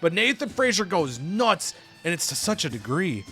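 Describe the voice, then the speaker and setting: A man's voice: sits high, normal speed, faint music behind. A man casually narrating a wrestling management game playthrough, slipping into exaggerated voices for the wrestlers. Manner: animated, acts out wrestlers' lines in exaggerated voices.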